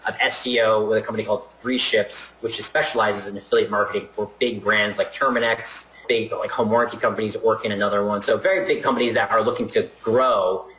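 A man's voice: fairly low pitch, fairly even intonation, fast talker, few pauses, fairly bright tone, echoey room, slight background noise, poor audio. A man from New Jersey giving a loose, chatty self-introduction about his career. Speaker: alumnus introducing himself.

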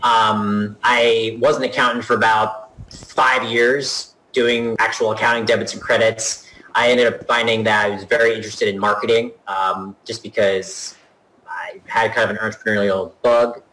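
A man's voice: on the low side, little pitch movement, moderate pace, pushed and bright, poor audio. A man from New Jersey giving a chatty, rambling introduction of his marketing career. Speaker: marketing professional introducing himself. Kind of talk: casual self-introduction.

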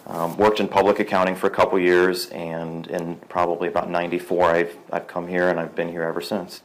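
A man who is a company president, introducing himself in a relaxed way. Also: low-pitched, a little fast, low-quality recording. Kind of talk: casual self-introduction.

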